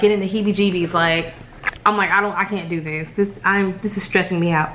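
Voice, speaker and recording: A young woman tells viewers a story in a rambling, excitable voice. She keeps calling them "y'all" and talks in quick bursts, like she is chatting with a friend. Her pitch sits in an ordinary middle range. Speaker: family vlogger. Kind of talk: animated storytelling to camera.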